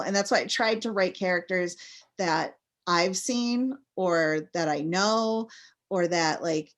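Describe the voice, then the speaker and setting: A woman's voice: on the low side, measured pace. A woman from Massachusetts, a guest author in a casual interview, talking in a chatty, rambling way full of fillers.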